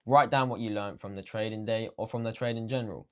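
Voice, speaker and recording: A man's voice: lowish voice, fairly even intonation, fast talker, lo-fi sound. A young man teaching a casual trading lesson, slangy and swearing freely, talking straight to viewers. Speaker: trading coach.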